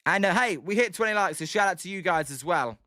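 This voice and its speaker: A man's voice: high voice, fast, no echo, studio quality. A British man doing live play-by-play commentary of a baseball game on his stream, joking and answering viewers in the chat. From Britain. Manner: excitable, jokey, reads out and answers chat viewers.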